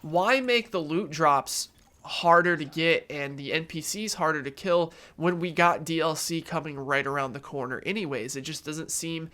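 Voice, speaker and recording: Man, young adult, nasal, stuffy from allergies, slightly high voice, earnest, conversational vlog commentary. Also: moderate pace, sharp tone. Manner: earnest, opinionated, conversational with fillers. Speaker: gaming YouTuber.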